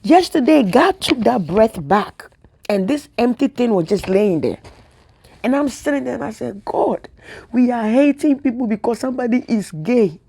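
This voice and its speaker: A woman's voice: a little high, expressive, normal speed, vocal fry, dark tone, breathy edge. A woman vlogger giving an emotional spiritual monologue, talking in a repetitive, preacher-like way and close to tears. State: tearful.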